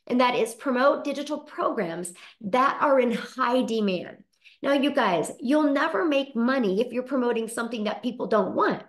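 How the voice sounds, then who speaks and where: A middle-aged woman hosting a webinar, giving an enthusiastic, persuasive sales pitch and talking straight to her audience. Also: lively intonation, normal speed. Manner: upbeat, persuasive, addresses audience as "you guys". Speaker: webinar host.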